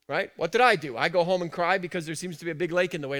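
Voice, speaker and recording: A male pastor gives a sermon in a church. His voice sits a little high for a man. He talks in an easy, conversational way and keeps asking the congregation questions, dropping to quiet asides and then rising to loud, stressed lines. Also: very fast. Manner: conversational, asks the congregation questions, swings between soft and emphatic.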